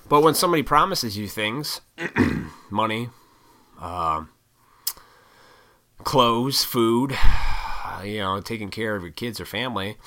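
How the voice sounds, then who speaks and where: A man's voice: mid-range voice, sharp tone. A young man hosting a podcast, ranting bluntly and profanely with strong opinions. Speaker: podcast host. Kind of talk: casual rant.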